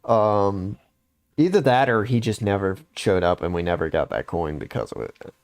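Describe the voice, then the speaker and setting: A man's voice: fairly low pitch, expressive, moderate pace, darkish tone. A young adult man casually recounting a game story on a podcast, rambling with lots of fillers. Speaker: podcast host.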